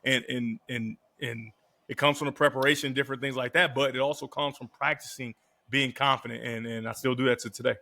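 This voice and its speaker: A man in his thirties, a podcast guest and former quarterback, telling stories in a casual, slangy, animated way. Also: medium pitch, brisk, gravelly. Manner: animated, slangy storyteller who acts out quotes. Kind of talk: casual storytelling.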